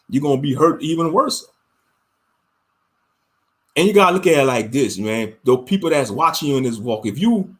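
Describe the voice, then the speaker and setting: Slangy, fairly high-voiced male commentator. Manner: slangy, preachy, laughs often. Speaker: online commentator. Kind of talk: casual religious commentary.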